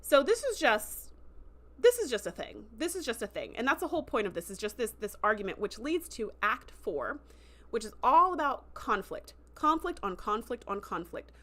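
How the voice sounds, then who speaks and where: A fairly high-voiced woman talks through a casual livestream review. She is chatty and enthusiastic, full of fillers and asides. She slips into quick acted-out quotes as she goes. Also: very animated, pushed and bright. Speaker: show host recapping a TV episode.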